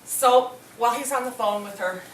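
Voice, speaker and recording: A woman's voice: a little high, normal speed, a little hiss or hum. Middle-aged woman telling a story, echoey room. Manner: animated, acts out quoted voices. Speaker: speaker at a hospital presentation. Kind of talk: storytelling to an audience. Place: hospital meeting room. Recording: echoey room, mic from a distance.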